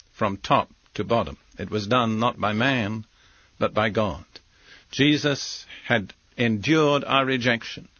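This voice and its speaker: A man preaching a sermon as a Bible teacher, speaking in measured, deliberate short phrases. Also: medium pitch, pushed and bright, no echo. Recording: dull, lo-fi dry recording.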